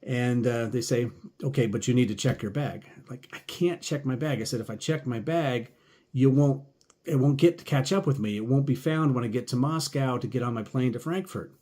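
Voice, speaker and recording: A man's voice: medium pitch, moderate pace, warm tone. A man casually telling a travel story as a podcast host, acting out both sides of the conversations.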